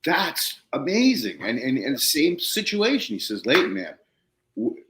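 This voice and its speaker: A man hosting a podcast, telling a story in casual conversation, excitable and swearing casually, acting out quotes in a raised voice. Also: mid-range voice, measured pace, roomy sound. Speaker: podcast host.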